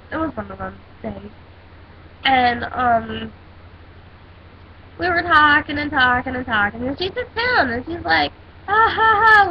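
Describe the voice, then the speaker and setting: Teen girl ranting, sassy and dramatic, high voice, kinda dull lo-fi sound with a little hiss. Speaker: vlogger. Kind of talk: casual rant.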